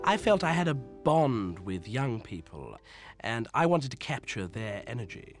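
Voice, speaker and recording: A pompous older film director, vain and deadpan, as a man acts him out, reminiscing with grand self-importance. His voice sits mid-range, with faint music playing underneath. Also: mid-range voice, a little slow. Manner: pompous, deadpan mock-documentary interviewee. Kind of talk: mock-documentary interview.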